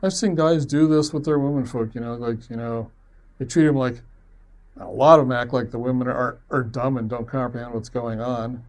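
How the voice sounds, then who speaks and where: A man of medium pitch recounting a story from his own life. He rambles along in a loose, conversational way, self-deprecating, with an easy chuckle here and there. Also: steady tone, normal speed, darkish tone. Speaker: web series producer. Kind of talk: personal storytelling.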